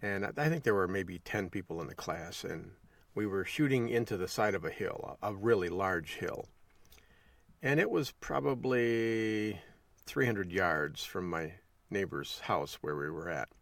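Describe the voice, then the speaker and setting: A man's voice: deep voice, expressive, a little slow, vocal fry, fairly bright tone, dry recording, distant mic. A man hosting a podcast, telling a folksy story in a casual monologue and chuckling along the way. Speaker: podcast host.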